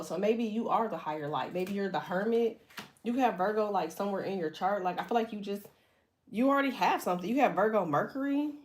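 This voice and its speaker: Blunt cussing woman w/ aave doing a tarot reading, chatty, slight hiss and card shuffling behind. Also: medium pitch. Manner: blunt, profane, chatty, laughs often. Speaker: tarot reader. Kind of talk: casual tarot reading monologue.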